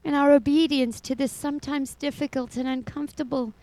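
A woman's voice: sits high, steady tone, a little fast, dark tone, dry recording, low-quality recording. A middle-aged woman giving a personal faith testimony as a foster mother, telling her story expressively and laughing often.

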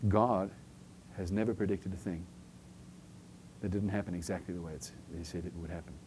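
A man's voice: sits low, fairly even intonation, moderate pace, warm tone, a little hiss or hum. A man preaching a conversational sermon, often asking "okay?" and acting out short everyday scenes to make his point. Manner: chatty, keeps checking in with "okay?" and acts out little scenes.

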